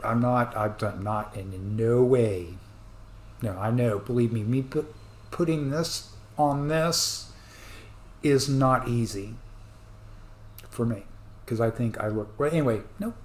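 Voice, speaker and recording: A man rambling through an earnest, apologetic rant as a commentator reacting to the news, breaking into sudden loud bursts. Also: medium pitch, slow, pauses often, roomy sound. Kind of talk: rambling ranting monologue.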